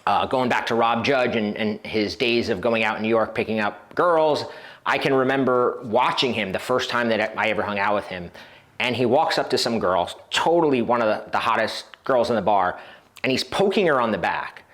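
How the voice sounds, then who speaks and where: A man's voice: fairly low pitch, moderate pace, fairly bright tone. A man coaching on dating in a casual video talk, telling stories and acting out the voices of people he quotes. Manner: casual with frequent fillers and restarts. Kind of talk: instructional video talk to camera.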